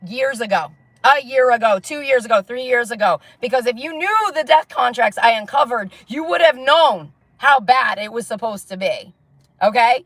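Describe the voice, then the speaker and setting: A woman's voice: a little high, fairly bright tone, dry recording. A woman vlogger giving a heated, profane monologue to camera, repeating herself and pressing "okay?" after her points. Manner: repetitive, insistent, peppers talk with "okay?".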